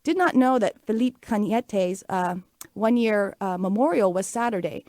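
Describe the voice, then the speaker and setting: A woman's voice: medium pitch, expressive, moderate pace, mellow, no echo. Chatty woman host telling stories, dry sound. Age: 40s. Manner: chatty, storytelling, upbeat with fillers. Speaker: radio show host. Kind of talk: casual talk show monologue.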